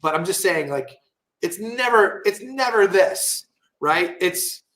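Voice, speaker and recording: A man with a fairly high voice tells stories as a podcast guest. His delivery is animated and profane, full of "like" and "right?" asides. His tone has a bright, forceful edge. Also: slow pace. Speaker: guest entrepreneur. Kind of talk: casual storytelling interview.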